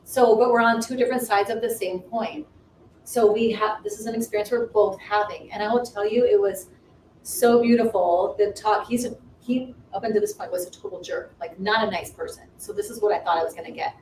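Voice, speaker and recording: A woman's voice: medium pitch, fairly even intonation, brisk, darkish tone. A woman co-hosting a ministry livestream, earnestly telling a personal faith story with many restarts. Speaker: ministry co-host. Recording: roomy distant livestream audio, faint noise.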